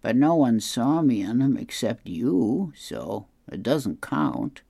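A man voicing an old, lazy retiree from a comic strip, drawling and unhurried. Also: medium pitch, sing-song, gravelly, dark tone, slightly rough, no room sound, studio quality, heavily acted. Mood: sly.

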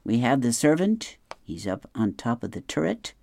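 A man reading an advice column and newspaper comics aloud, explaining the jokes in a gentle, chuckling way. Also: mid-range voice, very animated, moderate pace, vocal fry, no echo, clean studio sound.

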